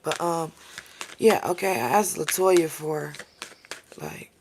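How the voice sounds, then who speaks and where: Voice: medium pitch, slow pace, creaky, noisy background. Rambling, profane tarot reader on a live stream. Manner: keeps asking viewers "okay?" and "all right?".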